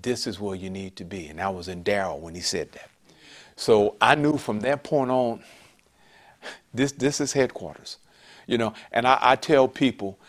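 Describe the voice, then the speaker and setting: A middle-aged man preaching a sermon, telling a rambling personal story with many restarts that rises into loud, emphatic preaching. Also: mid-range voice. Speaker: pastor.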